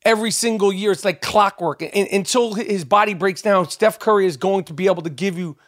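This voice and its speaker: A man's voice: high-pitched, a little fast, a bit bright, no room sound, studio quality. A middle-aged man hosting his own podcast, ranting in a heated, profane, rambling way with lots of stammered restarts. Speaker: podcast host. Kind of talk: ranting monologue.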